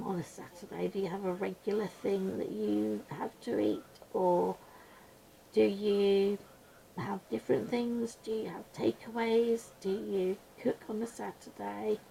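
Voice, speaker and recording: A woman chatting casually while she colours at a desk at home, rambling and mumbling quietly to herself, a little blocked up with her voice going gruff. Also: medium pitch, low-quality recording. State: slightly congested, voice going gruff. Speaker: colouring channel host. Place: small room at home.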